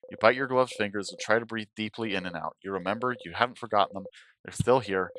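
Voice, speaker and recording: A man streaming a game, reading its narration aloud expressively, swinging from hushed to sudden loud. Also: on the low side, fast, dry recording, studio quality.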